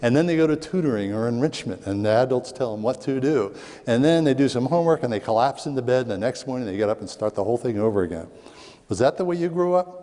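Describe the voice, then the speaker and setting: A middle-aged man from Southwest Philadelphia, a speaker on parenting, telling lively stories to an audience and acting out voices in quotes. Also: mid-range voice, fast. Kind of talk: storytelling talk to an audience. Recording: long hall reverb.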